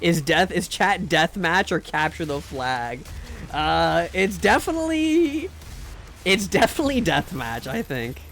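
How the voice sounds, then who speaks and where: A man commentates on his live game stream, cracking jokes, reading chat, and repeating words often. His voice sits on the high side with a fairly bright tone and lively intonation, though his pace is a little slow. Some faint background noise is present.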